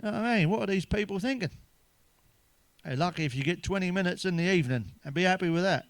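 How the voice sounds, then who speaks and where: A man's voice: sits high, expressive, fast, dry recording. A man telling crude stand-up jokes in a chatty, swearing manner, ending with tag questions. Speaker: stand-up comedian.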